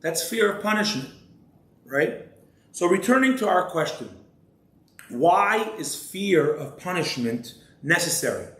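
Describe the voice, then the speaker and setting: Brief: male rabbi teaching, measured, slightly raised pitch, echoey room. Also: expressive, a bit bright. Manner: measured, asks rhetorical questions. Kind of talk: religious lecture. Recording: roomy echo.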